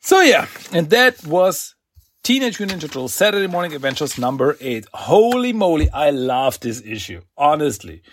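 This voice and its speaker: A man's voice: a little high, big pitch swings, moderate pace. A man hosting a podcast, giving an enthusiastic, chatty comic book review and laughing often. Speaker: podcast host.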